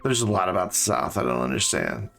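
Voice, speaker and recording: A man's voice: low voice, very animated, fast talker, gravelly, a bit bright, faint music behind. A man chatting casually while he streams a game, joking and talking to objects in it. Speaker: live streamer. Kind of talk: casual gameplay stream chat.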